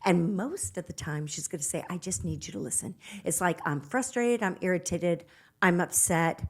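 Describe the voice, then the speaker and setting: A woman's voice: on the low side, normal speed. A woman relationship coach giving earnest, emphatic advice in a podcast conversation, acting out quoted lines as she goes.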